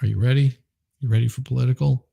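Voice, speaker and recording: A man's voice: medium pitch, steady tone, quick pace, creaky, warm tone, husky, no room sound, studio quality. A man hosting a live stream, rambling casually and chuckling as he reads chat. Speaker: livestream host.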